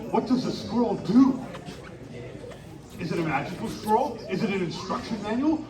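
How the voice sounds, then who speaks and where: A man hosting an interactive live storytelling show, animatedly coaxing the audience to shout along. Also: high-pitched, expressive, normal speed, over loud music. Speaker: live children's storytelling performer. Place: outdoor winter carnival stage. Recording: echoey, distant live stage recording with crowd. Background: audience noise.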